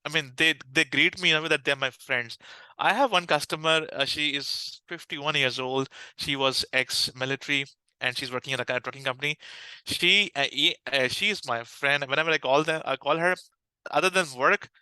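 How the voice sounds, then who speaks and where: A man with a Pakistani English accent talks about his work, full of energy, with plenty of restarts and fillers. His voice is very bright and smooth. The sound is dry and close, with no room echo. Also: on the high side, normal speed. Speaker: customer success manager, podcast guest. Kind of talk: conversational interview answers.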